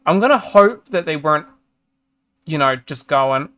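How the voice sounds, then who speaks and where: A man's voice: on the high side, normal speed, a bit bright, dry recording. A streamer chatting casually, ranting in exasperation and swearing as he reads a review aloud and trails off mid-sentence. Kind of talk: casual chat while reading a review aloud.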